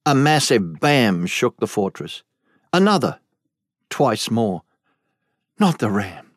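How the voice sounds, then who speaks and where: A male narrator reads a fantasy audiobook in a measured, deliberate way. His pace is slow and unhurried, with a mid-range voice. The recording is close and dry. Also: mid-range voice, very animated, no echo. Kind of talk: scripted narration.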